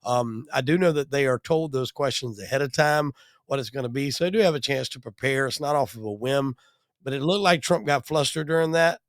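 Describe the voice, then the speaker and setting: A man's voice: mid-range voice, brisk, no echo, clean studio sound. A man hosting a podcast, giving blunt, profane opinions in casual talk. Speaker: host.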